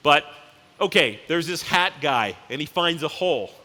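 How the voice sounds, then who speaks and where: A company CEO delivers a casual, anecdotal keynote in a large, reverberant conference hall, acting out the characters in his stories with quick voices. His voice is on the high side, animated and sharp-toned.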